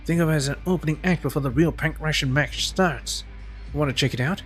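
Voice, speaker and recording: A man's voice: on the high side, fairly quick, soft background music, lightly acted. A man reading lines for a cocky male prisoner in a video game, in a brash, showy tone. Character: cocky male prisoner who loves nicknames.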